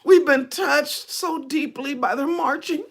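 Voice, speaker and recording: A man's voice: extremely high pitch, a little slow, fairly bright tone, pitched above the performer's own voice, full character voice. A man doing whiny, groveling mock officials. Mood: mock-apologetic. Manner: sarcastic, exaggerated whining apology. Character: mocking grovelling government officials, male.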